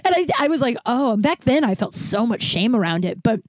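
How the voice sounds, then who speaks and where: A woman's voice: fairly high pitch, very animated, a little fast, no room sound. A woman in her thirties from Colorado hosting a podcast, telling comic stories in a rambling, profane way and laughing often. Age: 30s. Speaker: podcast host. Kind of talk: casual comedic storytelling.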